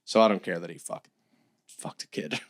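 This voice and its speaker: A young man co-hosting a casual podcast, excitable, swearing freely and laughing often. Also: low-pitched, moderate pace. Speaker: podcast co-host. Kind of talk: casual chat.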